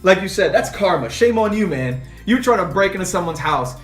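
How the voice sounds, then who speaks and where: A man in casual chat as co-host, animated, who acts out scenes with put-on voices. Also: sits high, a little fast, roomy sound, distant mic, faint music behind.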